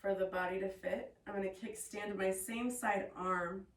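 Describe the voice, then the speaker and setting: A woman teaching a yoga class, giving calm, encouraging cues with playful asides. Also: medium pitch, normal speed. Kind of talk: guided yoga class instruction. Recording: echoey room, voice from a distance.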